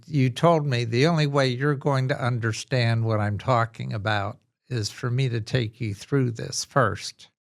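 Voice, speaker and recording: A man hosting an interview podcast, speaking in a measured, appreciative way. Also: mid-range voice, gravelly. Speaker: podcast host. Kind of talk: conversational interview.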